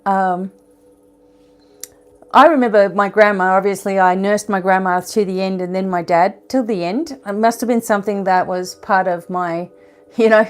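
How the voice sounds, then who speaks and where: A woman with a mid-range voice gives her viewers a casual oracle card reading, chatting, laughing at her own slips and reading the card text aloud.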